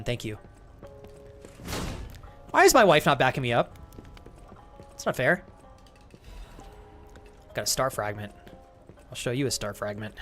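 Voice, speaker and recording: A man's voice: medium pitch, a bit bright. A man live-streaming a game, joking crudely with chat and thanking viewers as he plays. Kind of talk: live gaming stream banter.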